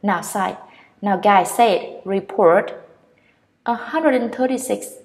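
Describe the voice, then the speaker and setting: Vietnamese-accented woman teacher, unhurried delivery, models each word again and again for a pronunciation class. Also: mid-range voice, gravelly. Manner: repeats each word slowly, drawing out vowel sounds. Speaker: English teacher. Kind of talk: pronunciation lesson.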